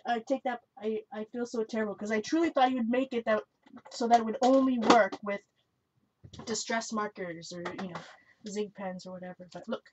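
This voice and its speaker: A woman with a slightly raised pitch hosts a live craft stream, chatting freely, correcting herself as she goes and breaking into laughter. She answers viewers' comments aloud. The sound is muffled and lo-fi. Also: a little mellow. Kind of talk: casual chat while crafting. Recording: dull lo-fi recording.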